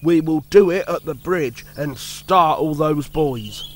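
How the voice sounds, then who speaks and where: A man voicing a calm, good-humoured male engine driver who explains things steadily. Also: a little high, slow pace. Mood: calm, explaining. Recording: music playing under the voice.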